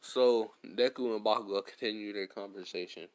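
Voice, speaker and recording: A man with a fairly low voice casually narrating an improvised fan story. He rambles, drops slang and keeps saying "like" as he goes. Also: normal speed. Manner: rambling, slangy, full of "like" and restarts.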